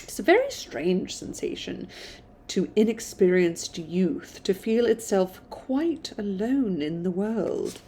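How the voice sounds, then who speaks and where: A woman's voice: medium pitch, sing-song, slow, mellow, slightly rough. Woman reading a classic novel aloud. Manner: stumbles and restarts, self-commenting.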